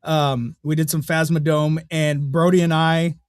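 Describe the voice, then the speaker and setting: A fairly high-voiced young man on a podcast, chatting casually and swearing freely as he tells lively, animated stories. His voice sounds dry and close, with no room around it. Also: measured pace, smooth, no echo. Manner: profane, animated storytelling. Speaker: podcast co-host.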